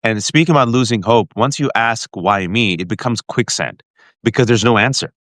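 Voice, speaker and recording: A man's voice: on the low side, normal speed, dry recording. Man telling a heartfelt story to his guest. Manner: animated, emotional, frequent restarts and direct address to the guest. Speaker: podcast host.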